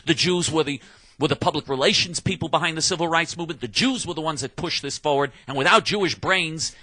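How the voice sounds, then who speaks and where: Man, angry combative commentator ranting solo, slightly high voice with a tense bright edge, dry close sound. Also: no echo. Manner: angry, combative, emphatic with repeated restarts. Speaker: political commentator. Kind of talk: heated monologue rant.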